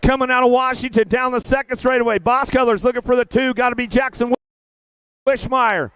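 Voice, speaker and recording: Older man, race announcer, live commentary, energetic, high-pitched, crisp. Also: brisk, no room sound. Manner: energetic, emotional, chatty. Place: outdoor race track.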